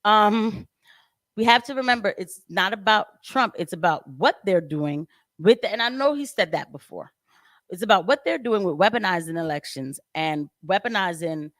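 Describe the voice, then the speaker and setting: A woman hosting a casual political commentary livestream. She talks in an animated, chatty way, laughs often and leaps up in pitch. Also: dry recording, studio quality. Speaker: livestream host.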